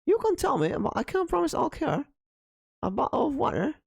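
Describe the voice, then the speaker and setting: A podcaster putting on a high, exaggerated mock-British accent as a prim posh character. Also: very animated, a little fast, creaky, no room sound, studio quality, exaggerated voice.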